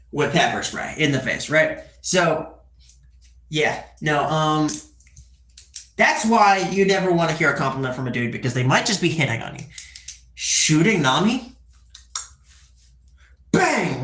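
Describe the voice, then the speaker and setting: A man's voice: a little high, lively intonation, measured pace, long pauses, fairly bright tone, reverberant. A twenty-year-old man chatting casually on a live stream, rambling with crude joking asides and tagging "right?" onto his sentences. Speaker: livestreamer.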